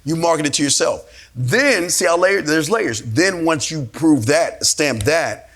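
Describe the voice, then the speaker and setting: A man's voice: on the high side, expressive, a little slow, fairly bright tone. A man giving a blunt, profane motivational talk to a room of men and answering their questions. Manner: blunt, profane, emphatic and repetitive. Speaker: speaker at a men's seminar.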